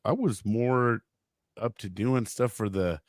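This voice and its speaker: A man's voice: on the low side, slow pace, no room sound, studio quality. A man hosting a casual interview, talking in a laid-back, slangy way. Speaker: podcast host, Marine veteran. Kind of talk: casual chat.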